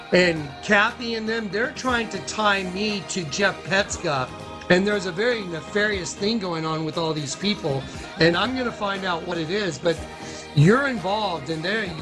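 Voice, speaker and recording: A man hosting a livestream, ranting in an agitated, accusatory way and repeating himself. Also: sits high. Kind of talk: heated livestream rant.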